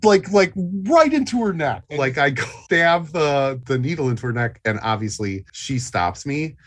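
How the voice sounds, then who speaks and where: Jokey player man with a husky, lively voice. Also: normal speed. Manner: jokey, swings between shouts and sleazy low mutters. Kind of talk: playing a character at a tabletop game.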